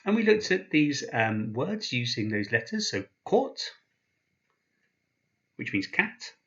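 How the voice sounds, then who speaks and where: A man teaching a language lesson, patient and slow, pausing after each sound he spells out. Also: medium pitch, very animated, fairly bright tone, highs cut off. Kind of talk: explaining slowly, with pauses.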